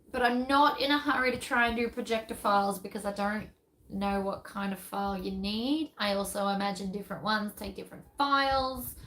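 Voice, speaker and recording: A woman's voice: mid-range voice, fairly bright tone, low-quality recording. A woman, a pattern designer chatting casually and rambling as she thinks aloud during a live stream.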